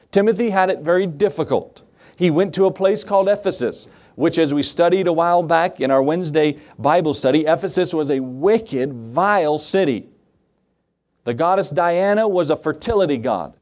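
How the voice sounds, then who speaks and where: Man, pastor, sermon in church, emphatic, questions the crowd, slightly high voice. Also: darkish tone. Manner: emphatic, asks the congregation questions.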